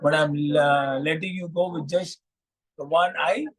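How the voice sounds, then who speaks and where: A man's voice: a little high, steady tone, a little slow, fairly bright tone. A man voicing an old female woodpecker, in his own plain storytelling voice with repeated words. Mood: stern. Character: old female woodpecker, bargaining then stern.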